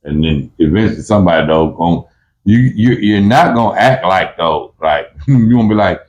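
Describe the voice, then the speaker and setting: A man's voice: sits low, lively intonation, moderate pace, darkish tone, muffled recording, slight background noise. A man telling prison stories in casual talk, full of street slang and restarts, who acts out both sides of a fight in a raised voice. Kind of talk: casual storytelling.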